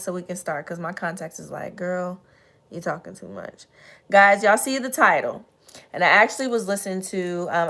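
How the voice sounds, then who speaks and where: A woman hosting a casual motivational livestream, chatty and earnest, slightly hoarse, greeting viewers by name as she talks. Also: lowish voice, fairly bright tone. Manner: earnest, encouraging, addresses audience as y'all. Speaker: livestream host.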